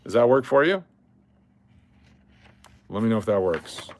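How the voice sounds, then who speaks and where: A man's voice: on the low side, big pitch swings, measured pace, a little mellow. An older man hosting a casual livestream, rattling off lists of cards and chatting to viewers. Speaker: livestream host.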